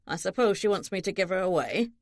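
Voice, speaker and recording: A woman's voice: medium pitch, quick pace, no room sound, studio quality, natural voice. A woman reading an audiobook, voicing an elderly, hard-of-hearing father who blusters and demands to be spoken up to. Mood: grumbling.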